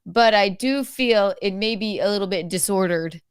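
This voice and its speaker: A woman's voice: medium pitch, normal speed, smooth, no room sound, studio quality. A woman co-hosting a live talk show, speaking in a theatrical transatlantic manner, joking along. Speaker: co-host. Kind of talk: casual live show chat.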